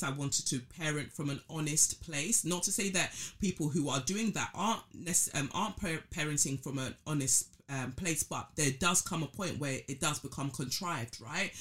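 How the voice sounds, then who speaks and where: A woman's voice: sits low, moderate pace, few pauses, a bit bright. A woman hosting a podcast, talking through her thoughts casually with many fillers and restarts. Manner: reflective, thinking aloud with many fillers. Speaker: podcast host. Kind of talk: casual solo commentary.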